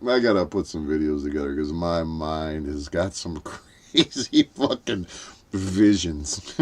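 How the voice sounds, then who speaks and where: A man's voice: a bass voice, lively intonation, unhurried, darkish tone. An older man hosting a late-night livestream, rambling, swearing and cackling at his own jokes, punch-drunk from lack of sleep. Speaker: livestream host.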